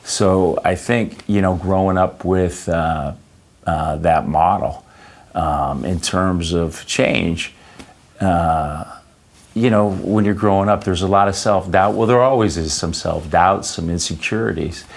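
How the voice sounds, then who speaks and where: A man with a very low voice answers an interviewer at length. He speaks haltingly, full of fillers and restarts, and often drifts into personal anecdotes. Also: vocal fry. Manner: anecdotal storyteller. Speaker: interview guest.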